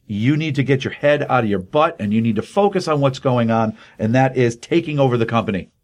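A man's voice: medium pitch, expressive, brisk, lightly acted. A man doing a stern lecturing father. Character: stern middle-aged father, company owner.

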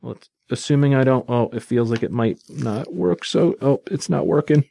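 A man's voice: mid-range voice, moderate pace, gravelly, warm tone, no room sound, studio quality. A man casually recapping and reviewing a comic book in a chatty, enthusiastic, loosely told way.

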